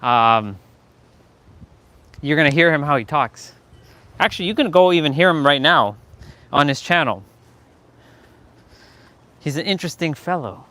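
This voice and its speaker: A man's voice: fairly high pitch, expressive, a little slow, pauses often, bright, forceful tone. A man with a Southern American accent chatting casually on a live stream, playful and rambling, answering his viewers and laughing often.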